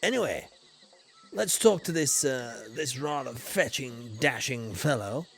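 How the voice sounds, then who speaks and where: Playful Yorkshire streamer with a lively voice. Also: male voice, medium pitch, a little slow, gravelly. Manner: playful, mock-posh, swings between loud greetings and mumbles. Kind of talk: comedic game livestream commentary.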